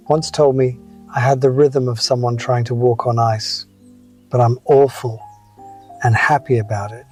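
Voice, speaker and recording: A man's voice: medium pitch, mellow. A man in his seventies telling wry, reflective personal stories as a scripted motivational talk. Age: 70s. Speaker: motivational speaker.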